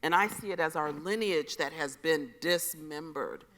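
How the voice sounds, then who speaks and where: A woman poet speaking on a festival panel, earnest, emphatic and expressive. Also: sits low, normal speed. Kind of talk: panel conversation. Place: festival stage.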